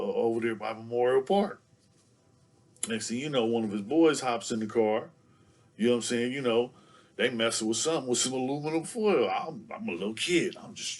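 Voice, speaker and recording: A man telling a casual story as a show guest, packing nearly every phrase with "you know what I'm saying.". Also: mid-range voice.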